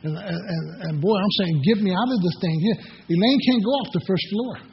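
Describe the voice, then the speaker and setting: Male pastor, high and husky, folksy sermon storyteller; dull lo-fi recording with long reverb. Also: a little fast. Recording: echoey hall, dull lo-fi sound.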